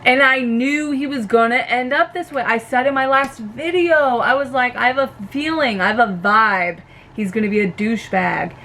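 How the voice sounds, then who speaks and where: A young woman vlogger ranting casually about a reality show, animated and swearing freely. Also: fairly high pitch, a little hiss or hum.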